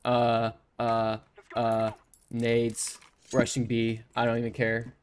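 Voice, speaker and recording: A man giving excited live gameplay commentary, yelping and swearing whenever something surprises him. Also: mid-range voice, takes it slowly, slight background noise. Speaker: gaming streamer. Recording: loud game gunfire under voice.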